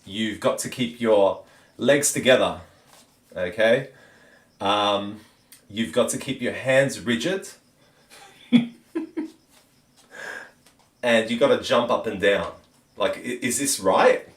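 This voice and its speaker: Aussie guy chatting on a live stream, slow and easygoing, lots of ums, voice jumps around a lot. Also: fairly low pitch. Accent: Australian. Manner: relaxed, rambling, with many "um"s. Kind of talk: casual chat with viewers.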